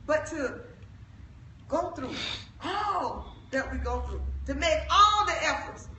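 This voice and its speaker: Fervent woman preacher, high bright voice. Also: lively intonation, slow, a little hiss or hum. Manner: fervent, rising to shouts, talks to young people. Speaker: evangelist. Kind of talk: church exhortation. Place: church sanctuary. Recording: echoey church, mic from a distance.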